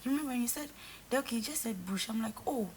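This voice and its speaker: A woman's voice: on the high side, racing, slight background noise. Earnest young woman retelling at length. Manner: earnest, repetitive, animated retelling with quoted dialogue. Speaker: reality show contestant. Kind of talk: casual conversation.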